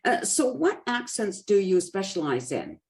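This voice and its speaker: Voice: medium pitch, sing-song, a little slow, vocal fry. An interviewer asking questions and giving short, affirming responses. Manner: brief affirming backchannels.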